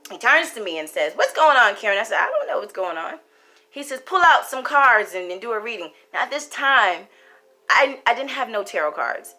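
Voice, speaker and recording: A woman telling a story in a casual, animated, sassy way, speaking straight to the viewer. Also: medium pitch. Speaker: storyteller and spiritual reader. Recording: faint background music.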